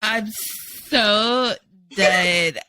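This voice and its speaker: A woman from Canada in casual podcast chat, animated, laughing often and swearing freely. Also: medium pitch, very slow, a little hiss or hum. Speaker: guest.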